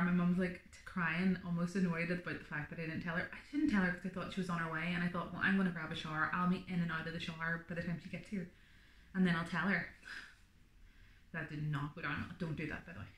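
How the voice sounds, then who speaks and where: A woman's voice: on the low side, fairly bright tone, reverberant. A woman vlogger telling her birth story in a chatty, rambling way, full of fillers. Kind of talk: casual birth story vlog.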